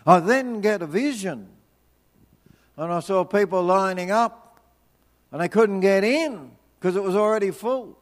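Gravelly, slow-speaking male preacher. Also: high voice. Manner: swings from lively storytelling to hushed, slow prayer. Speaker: pastor. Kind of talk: sermon.

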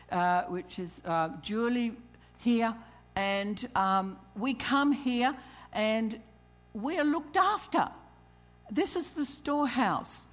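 A woman's voice: medium pitch, a bit bright. A woman preaching a sermon to a congregation, calling out questions to them and reading scripture aloud. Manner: calls questions to the congregation, reads scripture, chuckles. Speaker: church speaker. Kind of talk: sermon on tithing.

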